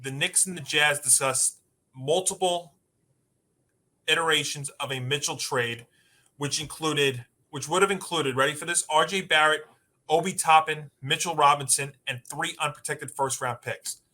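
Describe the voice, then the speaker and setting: Male sports show co-host, punchy, emphatic, very bright, fairly high voice. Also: moderate pace. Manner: emphatic, rattles off lists. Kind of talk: sports talk debate.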